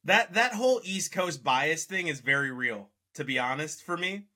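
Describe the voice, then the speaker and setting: Brief: upbeat male sports-talk host, bright tone, needling and gleeful. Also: on the high side, normal speed. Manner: teasing, excitable, gloating about rivals. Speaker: podcast host. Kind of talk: casual sports chat.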